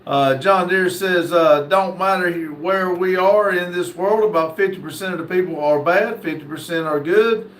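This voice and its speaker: Man, livestream host, high voice, folksy chat reading, echoey room. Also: moderate pace, few pauses, fairly bright tone. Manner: folksy, easygoing, many "uh" fillers. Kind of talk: reading live chat aloud. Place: indoor room.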